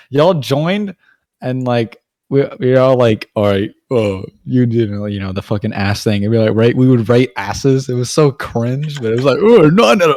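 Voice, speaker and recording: A man's voice: mid-range voice, darkish tone, dry recording, studio quality. A young man hosting a casual podcast chat with friends, rambling, stuttering and swearing a lot. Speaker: podcast host.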